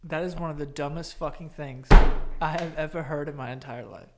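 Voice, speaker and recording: A man's voice: on the high side, brisk, very noisy. A man co-hosting a casual comedy podcast, teasing his friend and laughing along. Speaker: podcast co-host.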